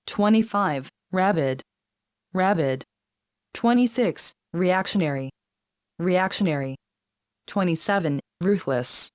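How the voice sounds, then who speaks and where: A woman slowly reading numbered vocabulary words, saying each word twice in an even, measured drill style. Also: lowish voice, no echo, muffled recording. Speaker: vocabulary reader.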